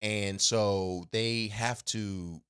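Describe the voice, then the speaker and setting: A man co-hosting a podcast tells a story loosely and ramblingly, with many fillers and restarts, laughing easily in casual chat. His voice is on the low side, fairly even in intonation, very slow, slightly bright, and clean in tone.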